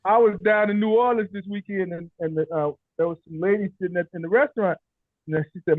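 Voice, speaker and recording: A chatty man tells rambling stories on a video call, raising his voice to act out the people he quotes. His voice sits a little high, and the sound is thin and phone-like, as if heard down a call line. The audio is dry, with no room echo. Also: quick pace. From Chicago area. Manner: rambling storyteller, acts out quotes in raised voices. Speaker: meeting participant. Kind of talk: casual video call chat.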